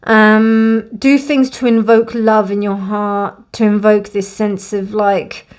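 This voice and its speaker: Warm, reassuring woman reading tarot. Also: medium pitch, flat delivery, slow. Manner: warm, reassuring, gently emotional. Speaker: tarot reader. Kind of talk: casual spoken tarot reading.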